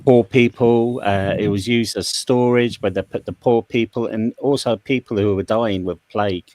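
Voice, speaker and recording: Low guy rambling through stories in a voice chat, dry close sound. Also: fairly even intonation, moderate pace, a little mellow, dry recording. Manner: rambling, self-correcting storyteller. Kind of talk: casual group chat.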